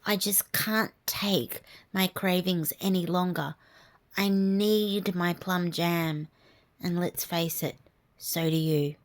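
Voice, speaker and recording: A woman voicing a young wife and new mother in a storybook, pleading in a soft, half-whispered voice. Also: lowish voice, fairly even intonation, slow.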